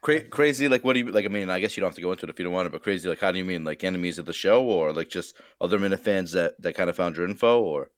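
Brief: male co-host, very low voice, rapid speech, dry close sound. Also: animated, no echo. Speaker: podcast co-host. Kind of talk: casual podcast interview.

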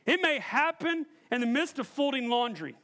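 A man preaching a sermon, telling a personal story in an animated way and quizzing the congregation. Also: very high voice, normal speed. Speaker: pastor.

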